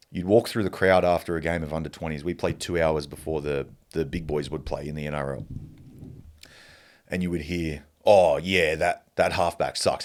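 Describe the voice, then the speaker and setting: A young Australian man hosting a podcast, giving a blunt, profane, fired-up motivational monologue with an occasional cough. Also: low voice. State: coughing at times. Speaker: podcast host.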